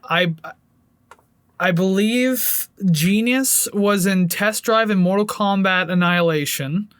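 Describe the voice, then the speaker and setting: A man's voice: high-pitched, takes it slowly, fairly bright tone, clean tone, no echo, clean studio sound. A man co-hosting a casual music review podcast, rambling and laughing often with frequent restarts. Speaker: podcast co-host.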